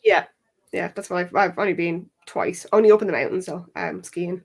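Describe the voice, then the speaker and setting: A woman's voice: lowish voice, moderate pace, creaky. A woman hosting a casual chat, telling stories and asking questions in a chatty way. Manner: chatty, lively storyteller. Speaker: host.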